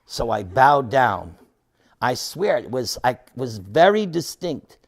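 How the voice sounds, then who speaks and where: Slow-talking man in his sixties telling a story. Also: mid-range voice, very animated. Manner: dramatic storytelling, swinging from loud to soft. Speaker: devotee lecturer. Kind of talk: storytelling lecture.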